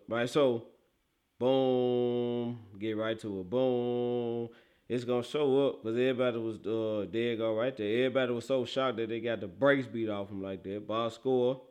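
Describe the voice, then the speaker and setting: A man from Memphis with a Southern accent hosting casual sports talk, excitable and often laughing and exclaiming. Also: medium pitch. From Memphis, Tennessee. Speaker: sports show host.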